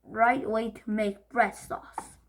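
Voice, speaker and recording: A woman voicing a bossy, fussy old grandmother in a storybook reading, nagging slowly and primly. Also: on the high side, level tone.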